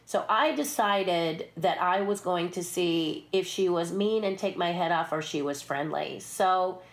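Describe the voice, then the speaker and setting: Lively storytelling woman, slightly low voice. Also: unhurried. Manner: lively, acts out voices in her stories, laughs often. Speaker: puppeteer and stunt performer, interview guest. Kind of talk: casual anecdotal storytelling.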